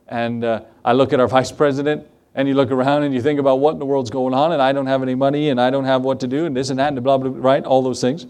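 A man preaching a sermon as pastor, animated, with rhetorical questions and conversational asides. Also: mid-range voice. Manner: animated preaching that acts out the quoted voices.

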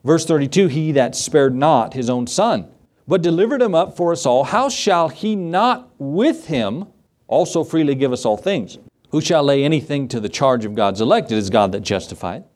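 A pastor preaches to his congregation, his fairly high voice climbing as he stretches out key words. He drops low and soft for personal asides, then builds back up. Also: very animated. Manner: preaching with dramatic slowdowns and rising emphasis. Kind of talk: sermon.

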